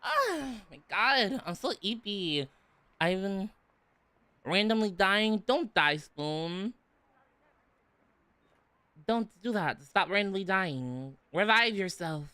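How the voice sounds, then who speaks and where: A man's voice: high voice, lively intonation, slow, pauses often, bright, forceful tone, clean tone, no echo. A man chatting casually on a stream, bubbly and playful, rambling and giggling as he talks from his room at home. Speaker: VTuber streamer.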